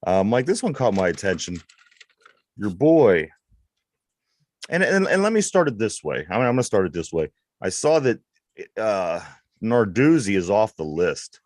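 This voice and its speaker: A man's voice: on the low side, very animated, normal speed, dry recording, clean studio sound. A man with a Pittsburgh accent co-hosting a sports podcast, bringing up topics and reading out stats with hesitant restarts. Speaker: podcast co-host. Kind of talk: casual sports banter.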